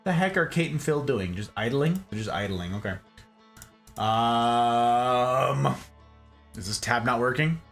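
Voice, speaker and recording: A man's voice: mid-range voice, lively intonation, measured pace, vocal fry, fairly bright tone, soft background music. A man streaming a game live, chatting casually and bantering with his viewers, laughing often.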